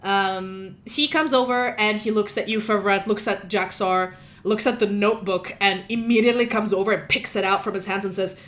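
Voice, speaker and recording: Bright-voiced woman running a tabletop game. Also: medium pitch, fairly quick, hardly any pauses. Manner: chatty, animated narration with fillers. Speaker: game master.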